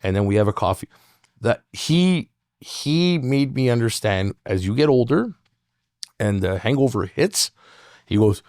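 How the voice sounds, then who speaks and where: A man's voice: mid-range voice, animated, measured pace, darkish tone, no room sound, studio quality. A man telling rambling, profane stories in a casual podcast chat, laughing often. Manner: rambling storyteller, swears a lot, laughs often.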